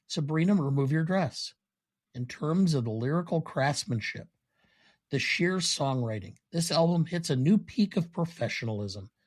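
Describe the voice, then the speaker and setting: A man on a podcast reading film quotes as a smug, cold male yuppie killer in a flat, deliberate way. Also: fairly high pitch.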